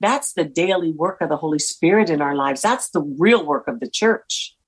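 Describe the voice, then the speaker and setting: A woman's voice: sits low, moderate pace, slightly rough, low-quality recording. Earnest woman guest telling stories. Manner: earnest, animated storyteller acting out quoted dialogue. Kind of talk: faith-focused interview storytelling.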